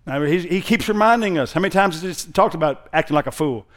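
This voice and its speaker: Male pastor, fairly high voice, chatty sermon style that swells into loud emphasis. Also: animated. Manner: conversational, rising to loud emphatic preaching; reads scripture in a slow, mocking sarcastic tone.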